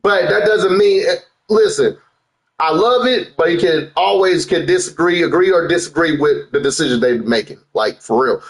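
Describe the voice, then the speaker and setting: A man's voice: on the high side, moderate pace, low-quality recording. A young man hosting a casual live stream, talking loosely with slang and swinging his voice up and down.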